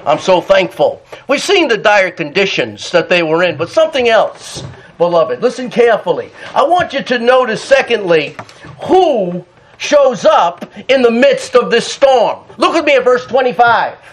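Male pastor, sermon; emphatic, shouts often, very high voice. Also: very animated, moderate pace. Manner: fervent, emphatic, breaks into shouts and laughter.

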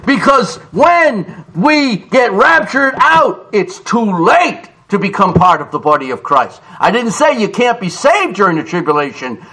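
A man delivers a fiery sermon in a high voice. He swings wildly in pitch, shouting some lines and dropping others to a low murmur. He reads scripture slowly and with weight. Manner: shouts for emphasis, swings between loud cries and low asides. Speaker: preacher.

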